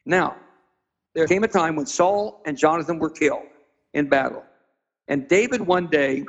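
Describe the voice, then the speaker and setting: A man with a high voice tells a Bible story as a sermon, jumping into even higher voices for the figures he acts out. He slows down to spell out and stress Hebrew words. The recording sounds dull and muffled. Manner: acts out quoted characters with sudden high-pitched voices. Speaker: pastor being interviewed. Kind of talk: preaching, dramatic Bible storytelling.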